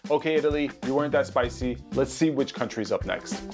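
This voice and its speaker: A man hosting a casual food-tasting vlog, upbeat and excitable, who also reads a sponsor spot. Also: mid-range voice, a little fast, over music. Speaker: host. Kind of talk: casual chat and sponsor read.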